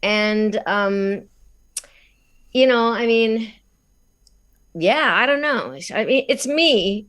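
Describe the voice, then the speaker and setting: A woman's voice: fairly high pitch, a little slow, a bit bright. A woman from Australia, a guest voice actress in a casual interview, talking in a chatty, laughing way and often restarting her phrases.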